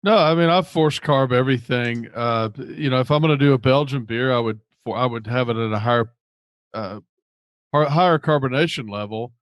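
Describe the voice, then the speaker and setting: A man co-hosts a casual podcast and walks through his process step by step, restarting often. His voice sits at a middle pitch. The recording is dry and close. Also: fairly quick, no room sound. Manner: practical, explains his methods with many restarts. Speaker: podcast co-host.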